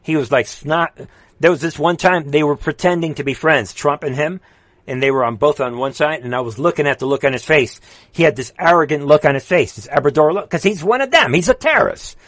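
This livestream host talks a little fast in a fairly high, slightly bright voice with no echo. His political commentary is a heated, impassioned rant; he pushes his voice to a strain, reads viewers' comments aloud, and repeats rallying cries.

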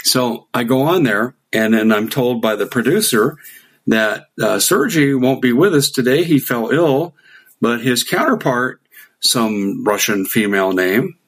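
A man's voice: mid-range voice, lively intonation, measured pace, husky. A middle-aged man casually telling a long anecdote, acting out quoted dialogue with occasional chuckles. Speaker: guest telling a story. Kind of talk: casual storytelling.

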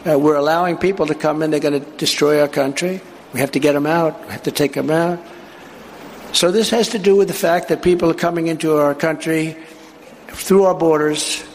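A man's voice: fairly high pitch, fairly even intonation, a little fast. Emphatic man at a rally. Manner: rambling, repetitive, emphatic. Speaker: political speaker. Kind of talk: rally speech. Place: large venue with a live crowd. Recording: echoey hall with crowd noise.

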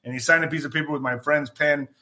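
A man hosting a podcast, telling a casual story in an animated way, acting out the quotes and swearing freely. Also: a little high, fast. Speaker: podcast host.

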